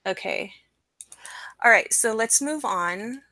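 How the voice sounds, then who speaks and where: A young adult woman hosting a casual live stream, talking in an excited, rambling way with lots of fillers. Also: fairly high pitch, slow, dry recording. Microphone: computer mic, screen sharing.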